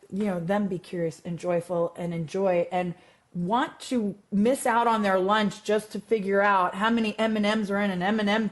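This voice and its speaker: A woman math teacher as an interview guest, chatting casually and animatedly with many fillers and restarts. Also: medium pitch.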